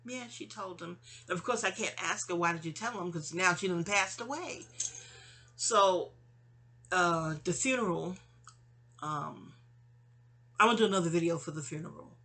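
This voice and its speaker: Lady venting a long story, bright forceful voice, rambly and chatty. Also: medium pitch, husky. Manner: rambling, chatty, acts out quoted dialogue. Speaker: vlogger. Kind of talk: casual storytelling vent. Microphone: audio-only home recording.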